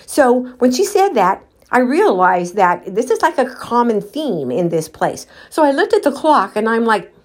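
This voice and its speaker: A woman vlogger telling a personal story while out walking, candid and animated, quoting what people said and talking to her viewers directly. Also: fairly high pitch, normal speed. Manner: candid, animated retelling with quoted dialogue; addresses viewers directly as guys.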